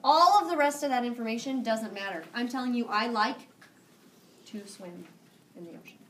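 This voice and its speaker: A woman teaching a high school Spanish class, upbeat and encouraging, quick to praise her students. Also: fairly bright tone. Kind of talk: classroom lesson. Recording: echoey classroom from a distance.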